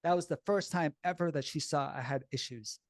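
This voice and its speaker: In a slightly high voice, a man briskly shares a personal story, blunt, casual and animated, with plenty of swearing. The memory leaves him shaken and upset. The sound is clean studio audio with no room sound.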